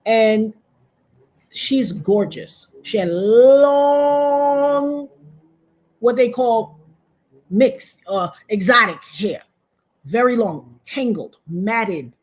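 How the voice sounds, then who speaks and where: A woman from Trinidad, a guest on a video-call interview, telling a story in an animated way and acting out the voices of other people. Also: very slow. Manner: animated, acts out quoted voices with big pitch jumps.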